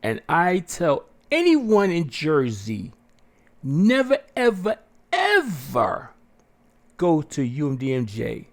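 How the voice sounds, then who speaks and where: A man hosting a podcast, telling a story casually with plenty of swearing and animated delivery, jumping into a raised voice to act out what people said. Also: fairly high pitch, a little slow, hardly any pauses. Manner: profane, animated, acts out quotes in a raised voice. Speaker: podcast host.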